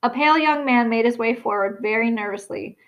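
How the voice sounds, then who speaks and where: A woman narrates a children's storybook with steady, expressive pacing. Her voice sits somewhat high. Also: a little fast, dull audio. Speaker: audiobook reader.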